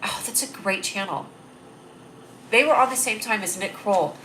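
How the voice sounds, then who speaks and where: Hosting a laid-back comedy livestream, this young woman talks directly into a webcam set close to her. Her medium-pitched voice is bright and forceful, moving at a normal speed as she rambles happily and chuckles at her own jokes. Faint hiss underlies the audio.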